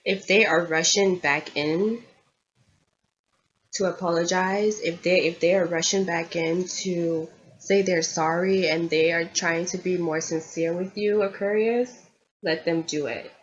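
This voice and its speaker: A woman's voice: fairly low pitch, steady tone, a little slow. A woman giving a tarot reading in an earnest, confiding way, often repeating herself as she goes. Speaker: tarot reader. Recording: dull lo-fi audio with faint background hiss.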